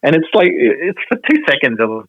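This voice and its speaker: A man's voice: fairly high pitch, very animated, a little fast, no echo, highs cut off. An Australian man, a pro wrestler on a podcast, telling a story casually, laughing often and swearing mildly.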